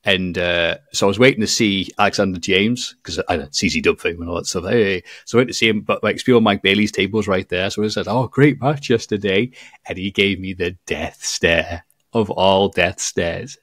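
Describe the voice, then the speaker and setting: A man's voice: sits low, normal speed, no room sound, clean studio sound. A man telling stories in a casual podcast chat, acting out quotes with bursts of laughter. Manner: animated storytelling with voiced quotes and laughs. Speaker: podcast guest, video maker.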